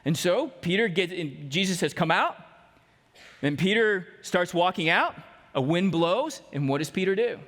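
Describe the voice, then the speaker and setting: Man, pastor, sermon, high voice, storytelling, acts out quotes, long church hall reverb. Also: expressive, normal speed, fairly bright tone. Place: church sanctuary.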